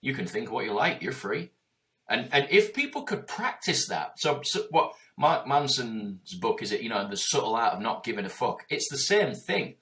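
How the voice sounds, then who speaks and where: A man's voice: mid-range voice, big pitch swings, normal speed, fairly bright tone. A man in his forties speaking in a passionate, emphatic and heavily profane conversational way as a guest. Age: 40s.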